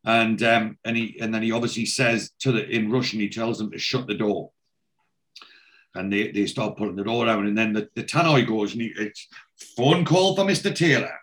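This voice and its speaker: A man's voice: fairly low pitch, moderate pace, fairly bright tone. A man hosting a podcast, casually recapping a TV episode in a rambling way, full of "you know" and restarts. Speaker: podcast host.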